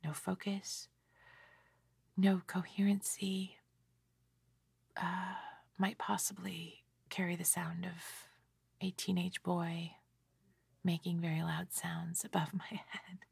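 A tired middle-aged woman rambles in a whispered ASMR style, soft and gently self-mocking. Her whisper is airy and husky with a gravelly edge. She takes her time, and she sits close to a dry microphone. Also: lowish voice, level tone, takes it slowly, long pauses, dry recording. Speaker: ASMR creator.

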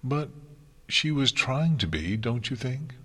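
A man voicing a quiet, thoughtful female pony princess in a storybook reading, asking pointed questions. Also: medium pitch, very animated, takes it slowly, husky, voice pushed up, exaggerated voice.

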